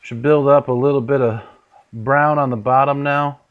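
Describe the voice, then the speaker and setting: A man's voice: medium pitch, moderate pace, phone-quality sound. A man hosting a casual cooking demonstration in a home kitchen, chatty and joking, his voice sometimes drifting away from the mic. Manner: chatty and joking, with lively swings in loudness. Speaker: home cook host.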